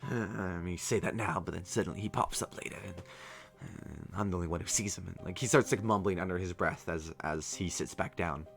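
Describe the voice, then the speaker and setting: A man's voice: low-pitched, a little fast, gravelly. Laid-back male game master. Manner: relaxed narration with frequent ums. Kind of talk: narrating a tabletop game.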